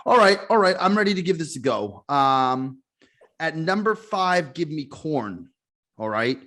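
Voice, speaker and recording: A man co-hosting a podcast in casual chat, animated and self-interrupting, laughing often. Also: on the high side, measured pace. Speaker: podcast co-host.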